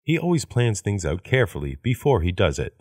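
Deep-voiced man reading practice sentences. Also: sing-song, a little mellow, no echo, studio quality. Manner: measured, repeats each sentence after the woman. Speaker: English phrase reader. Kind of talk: read-aloud of practice sentences.

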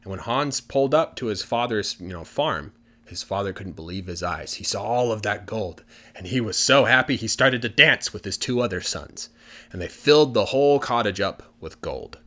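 A man's voice: mid-range voice, sharp tone. A man telling a fairy tale in a casual, chatty way, dropping in fillers like "you know" and "like". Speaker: storyteller. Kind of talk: casual storytelling for English listening practice.

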